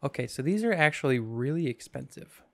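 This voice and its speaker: A man's voice: medium pitch, expressive, brisk, creaky, no room sound. A man hosting a casual let's-play, talking through his game in a goofy, rambling way with jokes to himself, sleepy and yawning. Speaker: gaming channel host.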